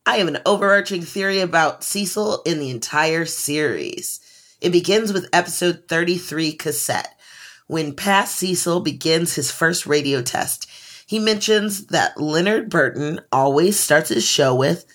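Woman, podcast co-host. Playful, laughs easily, lower-pitched. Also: measured pace, a bit bright. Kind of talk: casual chat, reading listener mail.

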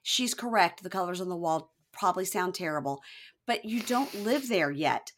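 A woman co-hosting a casual chat, retelling a reality show with animated, dramatic storytelling. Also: fairly low pitch, moderate pace.

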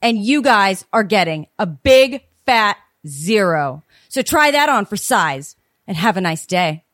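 A woman's voice: medium pitch, very animated, a little slow, fairly bright tone, dry recording, studio quality. A woman voicing a scheming con-woman who leaves a coldly polite, spiteful voicemail. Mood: icily polite. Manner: sweetly polite with spite underneath.

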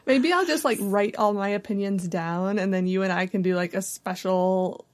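A woman's voice: medium pitch, moderate pace. A woman co-hosting a podcast in casual chat, bubbly and self-deprecating with frequent giggles. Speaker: podcast co-host.

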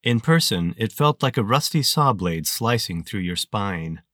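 A man narrating an audiobook in a steady, measured storytelling manner on a close mic. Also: lowish voice, no room sound.

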